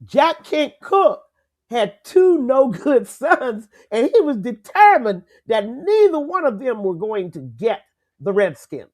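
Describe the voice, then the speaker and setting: Animated woman talking sports. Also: on the high side, takes it slowly. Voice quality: lively, emphatic, laughs easily. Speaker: co-host. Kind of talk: casual sports talk.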